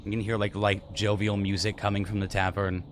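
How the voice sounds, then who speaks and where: A man narrating a tabletop game as game master in a relaxed way, with frequent fillers. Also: on the low side, fairly quick, slight background noise.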